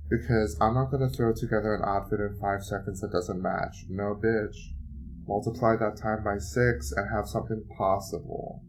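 Animated, profane man telling a story. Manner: animated, profane, dramatic swings in pitch and loudness. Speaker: podcast host. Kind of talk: casual storytelling monologue.

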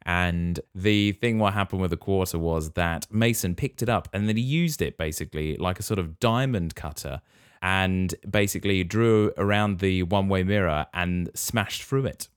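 A man hosting a podcast, retelling a movie plot in a relaxed way and quizzing his co-host. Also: deep voice, moderate pace, clear, resonant tone, no echo, clean studio sound. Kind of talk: casual movie recap.

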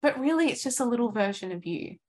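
A woman in her thirties giving an earnest, encouraging coaching talk, acting out inner thoughts in lively voices. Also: a little high, quick pace. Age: 30s.

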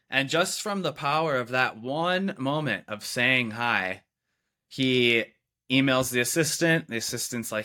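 Bright-voiced young man telling stories. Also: fairly low pitch, normal speed, smooth. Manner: relaxed, lots of "like" and "you know" fillers. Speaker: videographer, podcast co-host. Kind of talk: casual storytelling chat.

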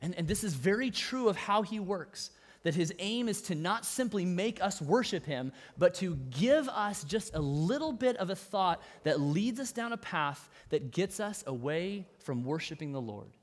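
A man's voice: high voice, animated, moderate pace. A man preaching a sermon, talking in an easy, conversational way, with emphatic stresses and dry humorous asides. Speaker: pastor.

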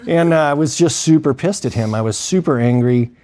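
Speaking fairly quickly in a fairly high-pitched yet dark-toned voice, a man tells a casual story from his emergency medicine job. He acts out what people said, with frequent fillers throughout.

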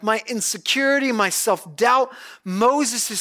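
A male pastor giving a conversational, animated sermon, retelling scripture as a story. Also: high voice, moderate pace.

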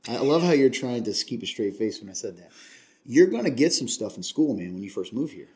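A man's voice: mid-range voice, very animated, brisk, darkish tone. A man from Kentucky hosting a casual chat, earnest and confiding, rambling with many restarts.

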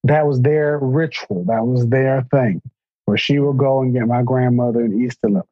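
A man in casual chat, telling family stories in an earnest, reflective way, with a husky voice. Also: mid-range voice, steady tone, normal speed, no room sound. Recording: dull, dry recording.

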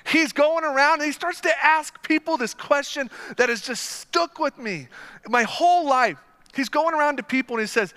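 A young man preaching a sermon, telling a story with energy and swinging from quiet asides to loud excited bursts. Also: extremely high pitch, brisk, long reverb tail. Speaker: pastor.

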